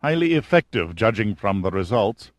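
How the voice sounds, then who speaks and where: A man's voice: on the low side, big pitch swings, normal speed, no echo. A man voicing a nervous, apologetic middle-aged intelligence colonel in an audiobook reading. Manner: anxious, apologetic, eager to please.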